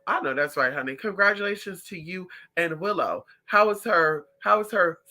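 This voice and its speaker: Sassy, very bright-voiced psychic vlogger. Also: normal speed. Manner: sassy, calls viewers honey and girl; animated, swings up and down in pitch. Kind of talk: casual chat to viewers.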